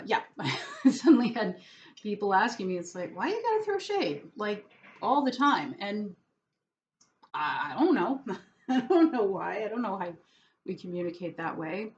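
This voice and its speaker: This slow, wry vlogger is a New York woman with a fairly low-pitched voice, musing in a loose, rambling monologue packed with fillers and false starts. Her sarcasm is self-deprecating, and the recording is dull and lo-fi with a little background noise.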